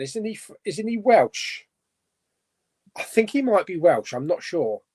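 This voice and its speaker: A man's voice: sits high, darkish tone. A man hosting a casual live stream chat, reading out viewer comments and rambling chattily with frequent self-corrections and laughs.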